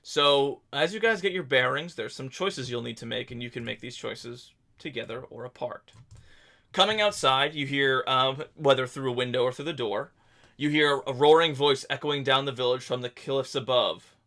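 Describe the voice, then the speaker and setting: A man narrating a tabletop game as game master, telling the scene in a halting, descriptive way. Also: mid-range voice, bright, forceful tone.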